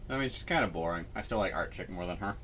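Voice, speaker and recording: A man's voice: deep voice, expressive, fast, sharp tone, slight background noise. A man co-hosting a let's play in casual chat, teasing and dismissive in a dry way. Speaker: co-host, sibling.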